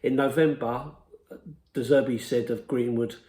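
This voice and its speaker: A man hosting a daily fan podcast, reading out football news headlines and reports in a steady, scripted way. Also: mid-range voice, a little slow, reverberant. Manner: steady read-aloud delivery.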